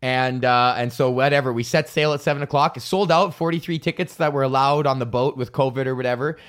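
Profane, animated male comedian telling stories. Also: mid-range voice, fast. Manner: swears a lot, loose and animated, fillers and restarts. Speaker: comedian podcast host. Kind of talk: profane comedic storytelling rant.

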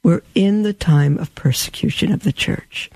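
A man's voice: a little high, normal speed, creaky, a little mellow, no echo. A man earnestly reading quotes aloud and commenting on them to his listeners, with emphatic repetition and occasional fillers. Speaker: Catholic commentator addressing listeners.

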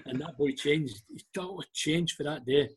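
Older Scottish man telling anecdotes, husky. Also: fairly high pitch, moderate pace. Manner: anecdotal, acts out quoted dialogue. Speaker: guest, former club liaison officer. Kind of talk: casual storytelling interview.

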